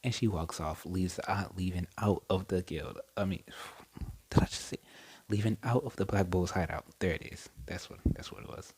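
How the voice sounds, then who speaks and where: A man's voice: low-pitched, normal speed, a little mellow, breathy edge, rough recording. A young man casually retelling a story, rambling with lots of fillers and self-corrections. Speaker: storyteller retelling a fan scenario.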